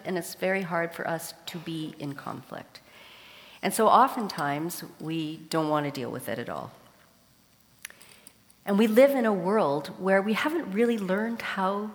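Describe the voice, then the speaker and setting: A woman preaching a sermon in a church, her voice sitting a little low for a woman. She tells a joke first, then speaks straight to the congregation. A long reverb trails each phrase through the hall. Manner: warm storytelling with a joke, addressing the congregation.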